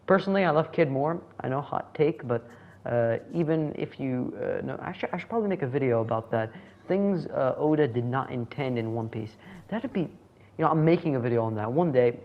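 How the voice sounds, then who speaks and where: A man's voice: medium pitch, animated, brisk. Rambling casual man, lo-fi sound. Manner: rambling, self-correcting, chuckles often. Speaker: manga reviewer. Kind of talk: casual solo commentary.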